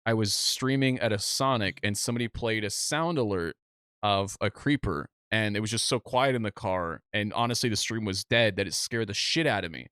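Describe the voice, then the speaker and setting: A man's voice: on the low side, normal speed, smooth, no room sound. Young man telling stories on a podcast, dry sound. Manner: animated storytelling, acts out other people's lines. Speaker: podcast co-host. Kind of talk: casual chat.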